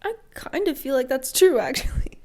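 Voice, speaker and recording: A woman's voice: sits high, animated, normal speed, darkish tone. A woman in her twenties co-hosting a podcast, chatting casually in a wry, teasing way. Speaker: podcast co-host. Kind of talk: casual chat.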